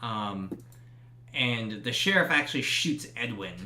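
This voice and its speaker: A man's voice: mid-range voice, measured pace, a crowd in the background. Hesitant male game master, echoey room. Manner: relaxed, hesitant narration with many fillers. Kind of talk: narrating a tabletop game.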